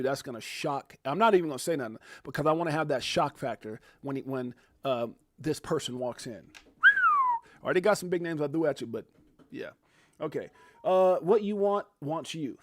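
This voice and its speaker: A man hosting a live crypto stream, chatting casually and jokily with viewers by name, with excitable loud bursts. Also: fairly high pitch, no echo. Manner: excitable, loud outbursts and frequent laughs; jokey, talks to chat viewers by name. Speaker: crypto livestream host.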